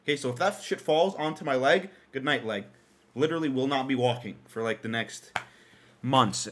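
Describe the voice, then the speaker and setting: A young man from Canada hosting a podcast, telling a story in a casual monologue with lots of swearing, laughter and sudden jumps in pitch. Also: lively intonation, brisk, fairly bright tone, slight background noise. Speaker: podcast host.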